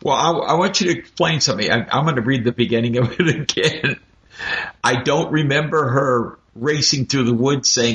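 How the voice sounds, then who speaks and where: A man talking animatedly and with strong opinions in a casual book discussion, in quick bursts. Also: mid-range voice, a bit bright. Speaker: book club member. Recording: dull lo-fi audio.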